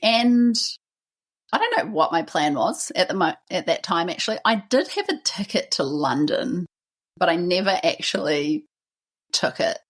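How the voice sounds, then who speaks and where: A woman's voice: fairly low pitch, big pitch swings, measured pace. A middle-aged woman hosting a podcast, telling her own life story in a casual, reflective way. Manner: casual, reflective, uses "like" and "actually" often. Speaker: podcast host.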